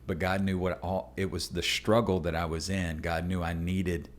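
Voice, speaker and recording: Man, very low voice, pastor on a podcast, earnest storyteller, emphatic. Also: level tone, moderate pace. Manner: acts out other people with jumps to high squeaky voices.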